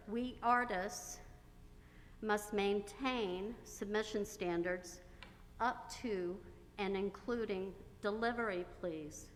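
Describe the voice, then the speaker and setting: An American woman speaking as a member from the floor, reading a prepared statement in slow, formal phrases. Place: theater. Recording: reverberant theater, faint rumble.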